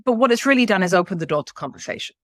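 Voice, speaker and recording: A woman's voice: medium pitch, expressive, very fast. A woman in her fifties from the United Kingdom talks about her coaching work as a podcast guest. She is eager and talkative, with a mid-range voice. The sound is dry, with no room echo. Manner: enthusiastic and talkative. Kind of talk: casual podcast interview.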